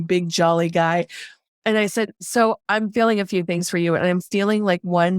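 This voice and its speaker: A woman medical intuitive chats on a podcast, recounting a story and slipping into the voices of its people. Her voice sits on the low side. The sound is close and dry. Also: no echo. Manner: chatty, quotes voices in her stories. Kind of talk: casual storytelling.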